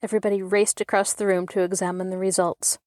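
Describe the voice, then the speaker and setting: A woman hosting and narrating a children's storybook audiobook in an expressive storytelling way. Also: mid-range voice, fast, dry recording, clean studio sound. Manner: expressive, even storytelling pace.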